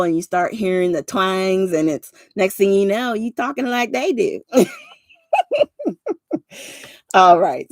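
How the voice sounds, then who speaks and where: A woman's voice: mid-range voice, darkish tone, no echo. A woman in her forties from South Jersey with a Southern-tinged New Jersey accent, chatting casually with viewers while making crafts, rambling with many fillers. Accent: New Jersey with a Southern twang. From South Jersey, USA. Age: 40s. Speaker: craft livestream host. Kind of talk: casual craft livestream chat.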